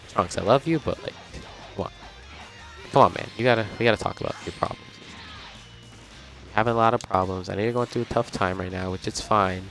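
A young man giving casual, chatty commentary on a video game as he plays, reacting out loud and laughing often. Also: fairly low pitch. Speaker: gaming channel host. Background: game music.

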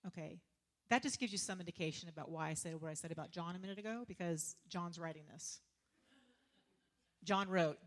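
A woman preacher, giving a lively sermon full of laughter, casual slang and sarcastic humor. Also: lowish voice, moderate pace, pauses often.

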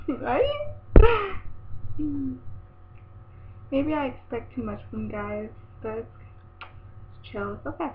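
A teenage girl rambles through a casual webcam vlog, giggling and exasperated. Her voice sits high, and the audio is tinny and phone-like with a faint hiss underneath. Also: takes it slowly, pauses often.

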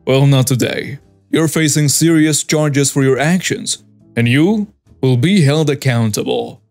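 A man reading the lines of a police commander and father, speaking calmly and firmly. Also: medium pitch, a little slow, creaky, soft background music. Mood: stern. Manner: calm, firm, unwavering.

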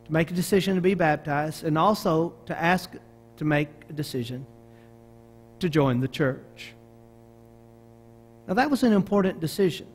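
Preaching with a Southern American accent, a middle-aged Arkansas pastor speaks at normal speed in a voice a little high, leaving long pauses. He tells his sermon as animated stories and keeps restarting his lines.

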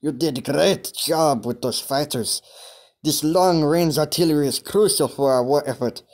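A man's voice: fairly high pitch, moderate pace, darkish tone, lightly acted. A stern, no-nonsense officer with a heavy German accent gives clipped military orders. A man puts him on as a gamer voicing game characters. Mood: commanding.

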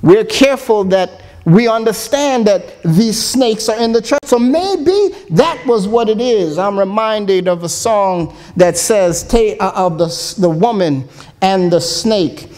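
Man, church elder, sermon, slow delivery, lively pitch, earnest.

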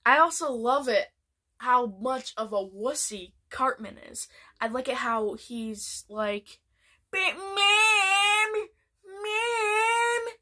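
A woman's voice: a little high, slow, sharp tone. A woman chatting casually in a vlog, rambling with many restarts. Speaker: vlogger. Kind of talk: casual vlog chat ranking TV shows.

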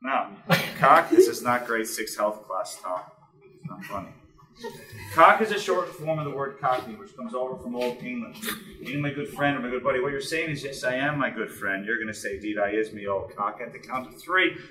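A man's voice: medium pitch, animated, normal speed, sharp tone, echoey room, far from the mic, low-quality recording. A man from Newfoundland with its accent, hosting a comic ceremony at a bar and drilling the crowd in local phrases. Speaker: bar host leading a screech-in ceremony.

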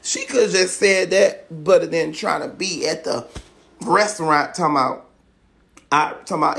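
A man's voice: on the high side, moderate pace, creaky, a bit bright. A man in an emotional rant to camera, upset and tearful, pleading with viewers and repeating himself. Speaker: vlogger.

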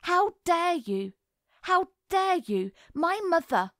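A woman reading the part of a proud young girl in a fury, defiant and shouting. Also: high-pitched, expressive, slow, no echo, studio quality, pitched above the performer's own voice. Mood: furious. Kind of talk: audiobook character reading.

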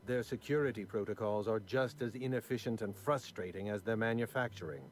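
A man's voice: lowish voice, fairly quick, close to an everyday voice. An actor playing a prim, numbers-obsessed aristocratic man in video game dialogue, fussy and condescending with precise diction. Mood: dry.

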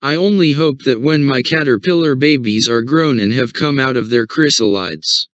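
Storybook part: a soft-spoken young female moth, read by a male narrator, pleading and loyal, muffled dry sound. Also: medium pitch, normal speed, no room sound, lightly acted. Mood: earnest. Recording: dull, dry recording.

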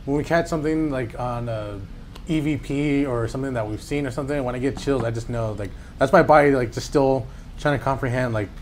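A man's voice: mid-range voice, fairly quick, darkish tone, slight background noise. A young man co-hosting a casual paranormal chat, laid-back and agreeable. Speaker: podcast co-host.

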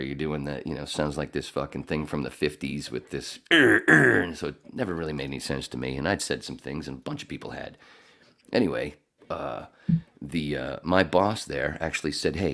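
A man who does radio voiceover, telling a rambling, profane story in casual podcast chat. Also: extremely low pitch. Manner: rambling, profane, animated when mimicking.

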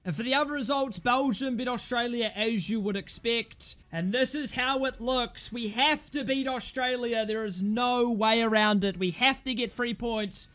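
Young male gamer, high bright voice, excitable live commentary. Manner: excitable, shouts at the game, swings from groans to yelling. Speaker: gaming commentator.

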